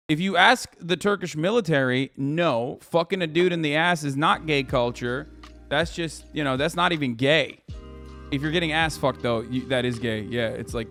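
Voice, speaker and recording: A man's voice: on the high side, normal speed, a bit bright, dry recording, clean studio sound, soft background music. A man hosting a live stream, joking crudely and rambling in casual chat. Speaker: streamer host.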